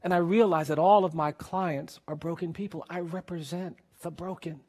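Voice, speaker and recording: A man, a lawyer, telling a personal story in an emotional public speech, earnest and grave, often dropping to a quiet intensity. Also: a little high, steady tone, moderate pace.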